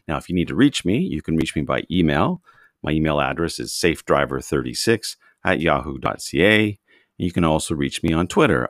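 A low-voiced man from Canada hosts a solo podcast, telling stories in a chatty, playful way. His pitch swings widely as he talks. The recording is dry and close. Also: a bit bright, no echo. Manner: chatty storytelling with restarts and playful asides. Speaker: podcast host, driving instructor. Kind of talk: casual monologue podcast.

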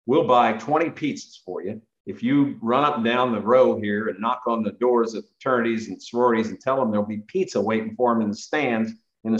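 Storytelling man in his sixties, roomy sound. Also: on the low side. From central Indiana. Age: 60s. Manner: animated anecdotes, acts out quoted voices. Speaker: podcast guest. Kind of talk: casual storytelling interview. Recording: roomy, slightly muffled sound.

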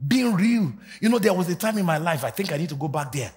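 A Nigerian man in his forties preaching a sermon, swinging from shouted rallying calls to low quiet asides. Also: animated, fast talker. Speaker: pastor. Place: church hall with congregation.

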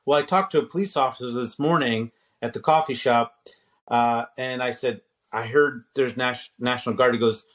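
A man's voice: medium pitch, moderate pace, fairly bright tone. A man in his fifties who teaches at a seminary, telling a story in casual conversation, restarting sentences and quoting himself and others.

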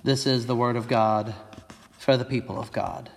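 A man's voice: medium pitch, steady tone, moderate pace, vocal fry. Man reading scripture in a reverberant hall. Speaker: pastor. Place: church.

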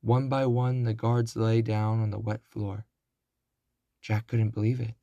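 Male narrator for a kids' chapter book, unhurried, dry close mic. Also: lowish voice, level tone, creaky, mellow, dry recording, lo-fi sound. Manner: slow, deliberate. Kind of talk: children's storybook reading.

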